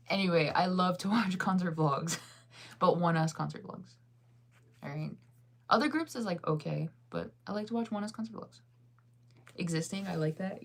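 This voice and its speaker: A woman's voice: on the low side, creaky, slight background noise. A tired woman in her thirties chatting casually as a vlogger, rambling and saying "like" a lot between yawns. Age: 30s. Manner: rambling, heavy use of "like". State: tired and yawning. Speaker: vlogger reading live chat. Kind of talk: casual chat.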